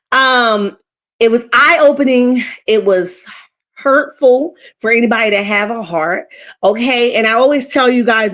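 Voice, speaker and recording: A woman's voice: a little high, fairly bright tone. A woman hosting a livestream, telling a personal story in a casual, rambling way and often asking her chat "right?". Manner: emotional personal retelling. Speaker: livestream host.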